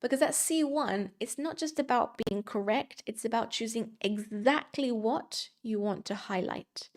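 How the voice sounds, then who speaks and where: A woman teaching a scripted English grammar lesson, speaking clearly and slowing down to read out example sentences. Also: mid-range voice, a little mellow.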